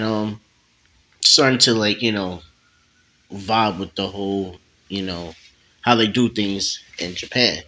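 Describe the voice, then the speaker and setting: A man's voice: fairly low pitch, sharp tone, low-quality recording. A laid-back man casually improvising a role-play story, with slang.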